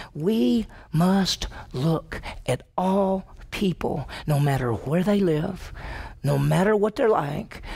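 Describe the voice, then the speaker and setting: A man's voice: high-pitched, gravelly, darkish tone, breathy edge. A male pastor, preaching a conversational sermon in a folksy, down-home way, retelling scripture scenes in his own words. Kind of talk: expository sermon with acted-out retellings.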